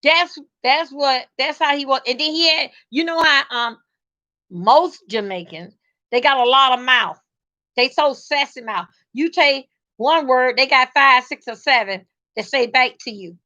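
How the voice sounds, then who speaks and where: Woman, casual vlog storyteller; high, bright, animated and salty. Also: a little slow, dull audio.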